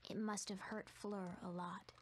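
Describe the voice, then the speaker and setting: A woman narrating a video game in a soft, hushed, fearful storytelling manner, voicing a timid young female narrator. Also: medium pitch, level tone, unhurried, natural voice.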